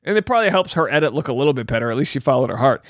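A man in his thirties hosting a podcast, recapping a reality show with rambling jokes and quick mock voices for quotes. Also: medium pitch, expressive, a bit bright, no echo, clean studio sound.

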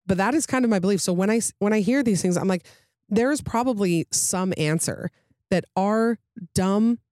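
A woman's voice: fairly low pitch, a little mellow, no echo, clean studio sound. A woman hosting a podcast, chatting casually with lots of fillers and reading out listener stories. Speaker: podcast host.

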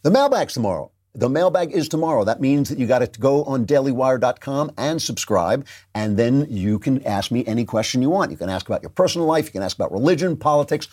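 A man's voice: medium pitch, lively intonation, quick pace, a little mellow. A man hosting his own podcast, delivering indignant, sarcastic political commentary with frequent laughs. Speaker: podcast host.

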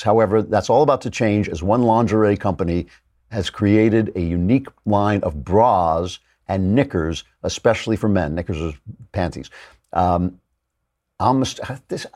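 A man's voice: on the low side, a little mellow. A man hosting a talk show, giving an opinionated monologue with wry, mocking asides and frequent laughter. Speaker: podcast host.

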